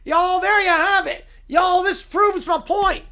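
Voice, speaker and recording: A man voicing a loud, self-righteous male lawyer with a put-on Southern drawl who moralizes in folksy sayings, in a comic courtroom role-play. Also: steady tone, slow pace, exaggerated voice. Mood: indignant. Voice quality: booming, preachy, folksy sayings.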